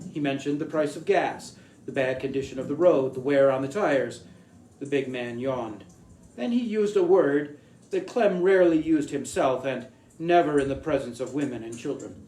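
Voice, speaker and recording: A man reading a short story aloud as storyteller, in a measured, deliberate way. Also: medium pitch, a little mellow. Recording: echoey room with faint hiss.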